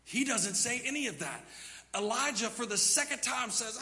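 Male pastor, high bright voice, preaching with big dynamic swings from hushed to emphatic, church hall reverb. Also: expressive, moderate pace. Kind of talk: sermon. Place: church sanctuary.

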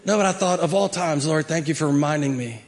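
A man with a high, bright-toned voice preaching a sermon as a pastor. He talks in an animated, emphatic way and climbs to loud peaks. He also breaks off into casual, conversational asides to the people in front of him. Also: fast talker.

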